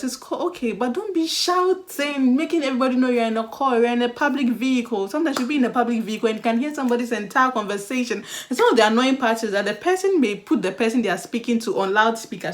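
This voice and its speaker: A young adult woman giving casual dating advice in a chatty, animated vlog style, often acting out the voices she quotes. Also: on the high side. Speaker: vlogger.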